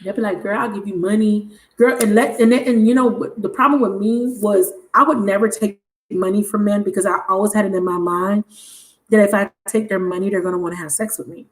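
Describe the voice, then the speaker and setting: A woman hosting a live tarot reading stream, telling a story in a casual, animated and blunt way. She laughs often and swears freely. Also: mid-range voice, fairly quick. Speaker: tarot reader livestream host. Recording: roomy echo.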